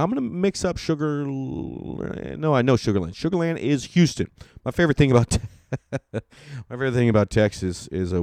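A man's voice: fairly low pitch, darkish tone, dry recording, clean studio sound. A young adult man from California, a stand-up comedian telling rambling, profane tour stories in a casual podcast monologue. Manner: profane, rambling, self-mocking.

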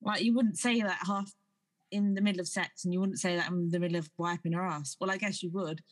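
A woman's voice: lowish voice, steady tone, fast. A woman guest in a casual chat, giggling and asking questions.

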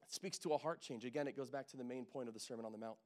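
A young adult man preaching a sermon in a church, joking with the congregation and swinging from quiet, intimate talk to loud bursts, sweating in the heat. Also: medium pitch, rapid-fire. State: sweating in a hot room. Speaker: pastor. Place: church sanctuary.

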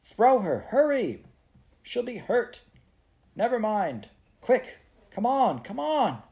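A man's voice: mid-range voice, animated, normal speed, darkish tone, lightly acted. A man reading aloud voices a young girl who stays cool in a crisis and gives clipped, commanding orders. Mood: urgent shouting.

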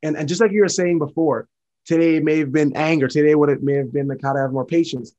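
A man's voice: on the high side, steady tone, a little mellow, lo-fi sound. A man sharing his faith testimony as a podcast guest, earnest and repetitive. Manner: earnest, repetitive, fast-talking.

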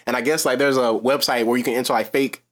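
A young man from Florida co-hosting a podcast, telling stories in an animated, profane way with acted quotes. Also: mid-range voice, fast talker. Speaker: podcast co-host. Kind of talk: casual chat.

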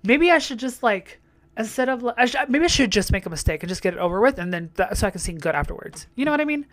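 A woman's voice: fairly high pitch, animated, quick pace, no room sound. A young woman chatting casually as she reacts to a TV show, often swearing and laughing as she goes. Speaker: reaction vlogger.

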